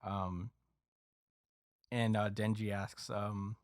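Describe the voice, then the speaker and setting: A man hosting a podcast, casually recapping a story with lots of fillers and quick acted quotes. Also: lowish voice, level tone, no echo, clean studio sound. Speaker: podcast host recapping a manga chapter. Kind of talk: casual chat.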